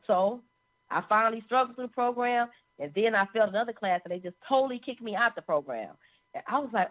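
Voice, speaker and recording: A woman sharing a personal testimony in an animated storytelling manner. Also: mid-range voice, brisk. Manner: animated, acts out quoted voices. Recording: phone-like narrow sound.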